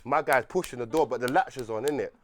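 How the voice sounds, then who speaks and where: A young man telling a rambling, animated story on a podcast, laughing often and restarting his sentences. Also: medium pitch, fast talker, a little hiss or hum. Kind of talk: casual storytelling chat.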